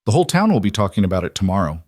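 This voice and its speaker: Here a man with a low, sing-song, slightly mellow voice talks rapid-fire as a grieving widow who is proud and firm. Raising her voice, she pleads and then grows defiant, sounding hurt and resolute. It's studio quality with no echo.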